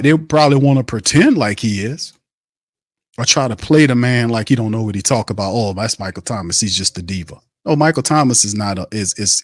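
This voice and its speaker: A man's voice: medium pitch, no room sound, clean studio sound. Fired-up man ranting about football. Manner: fired-up ranting, repeats himself, blunt and profane. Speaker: sports podcast host. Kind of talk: heated sports commentary.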